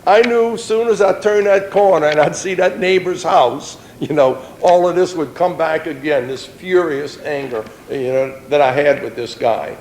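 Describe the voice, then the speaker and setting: A man's voice: fairly high pitch, moderate pace, hardly any pauses, darkish tone, reverberant, a little hiss or hum, poor audio. A middle-aged man, giving a plain-spoken personal testimony in an earnest storytelling way.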